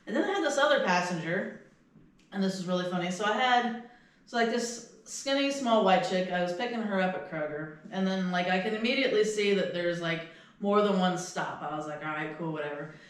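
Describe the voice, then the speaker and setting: A woman's voice: lowish voice, fairly quick. A woman co-hosting a podcast, telling rambling, profane stories in casual chat. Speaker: podcast co-host. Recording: very echoey room.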